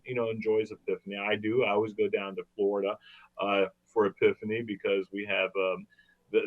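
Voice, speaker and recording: A man hosting a comedy podcast, telling rambling jokey stories. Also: medium pitch. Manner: joking, rambling storyteller. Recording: dull lo-fi recording.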